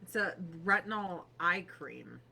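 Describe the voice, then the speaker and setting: A woman's voice: on the low side, lively intonation, unhurried, vocal fry, bright, forceful tone, breathy edge. A woman in her thirties chatting casually on a livestream from her home office desk, profane and sarcastic.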